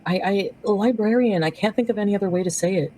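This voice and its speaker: A woman's voice: mid-range voice, fast, dark tone, slight background noise, low-quality recording. Woman, angry online rant, bitter, accusing, swears a lot. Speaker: person in clip being reacted to.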